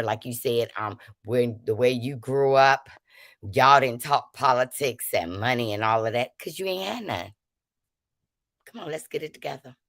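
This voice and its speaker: On a livestream, a woman with a very deep yet slightly bright voice rants to her chat, confrontationally calling people out while preaching about prayer and forgiveness. The recording is dry and studio quality.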